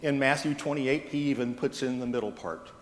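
A man's voice: medium pitch, brisk. A man, a pastor, preaching a sermon in a plain, conversational storytelling manner. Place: church sanctuary. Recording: echoey reverberant church hall.

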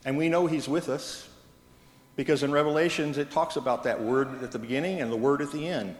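A man preaching a sermon in a church, telling stories with gentle humor. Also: on the high side, a little fast. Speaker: pastor. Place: church sanctuary. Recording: echoey church hall from a distance.

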